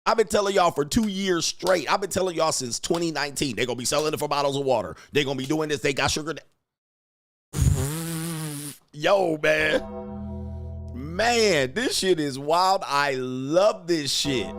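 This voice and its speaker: A man ranting casually on a livestream, animated and emphatic, laughing and repeating himself for emphasis. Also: on the high side, normal speed, soft background music. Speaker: dating commentary streamer.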